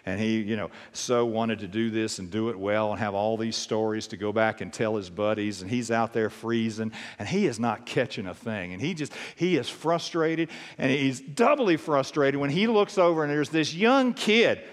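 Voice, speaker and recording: A man's voice: lowish voice, normal speed, few pauses. Emphatic male pastor preaching in a hall. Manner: emphatic, repeats phrases, animated storytelling. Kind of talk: sermon.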